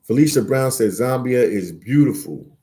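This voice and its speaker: A man's voice: medium pitch, lively intonation, normal speed, warm tone. A man hosting a casual live stream, reading chat aloud and bantering, repeating words and phrases as he goes. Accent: Philadelphia.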